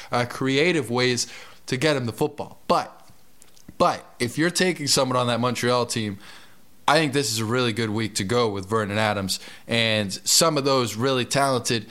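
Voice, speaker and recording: A man breaking down fantasy football picks on a podcast, steady and confident in the middle of his range. He leans hard on his recommendations and talks like a regular analyst. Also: medium pitch. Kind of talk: casual sports podcast chat.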